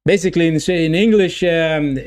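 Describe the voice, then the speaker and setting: With a voice on the high side at a moderate pace, a man runs live football watch-along commentary, repeating phrases, reading out chat, and growing excited at the action.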